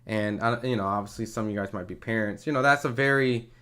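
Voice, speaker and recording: A man's voice: fairly low pitch, fast, pushed and bright, clear, resonant tone. A man hosting a live commentary stream, talking loosely and casually, with some swearing.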